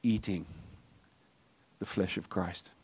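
A middle-aged man delivers a sermon, his voice sitting a little low. He mixes casual, joking asides with moments where he drops to a hushed, intense tone. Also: fairly even intonation, takes it slowly, slightly rough. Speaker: pastor.

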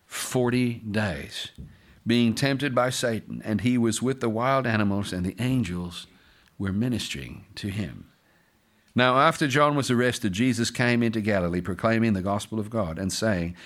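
A pastor reading scripture aloud during a sermon, breaking off often to comment and joke with the congregation. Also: male voice, mid-range voice.

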